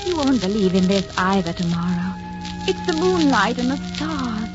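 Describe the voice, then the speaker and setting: A woman's voice: medium pitch, expressive, normal speed, lightly acted. An actress playing Lady Emma Hamilton, an anguished aristocratic lover, with an emotional, tremulous theatrical delivery in a 1940s radio drama. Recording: muffled old radio broadcast with music.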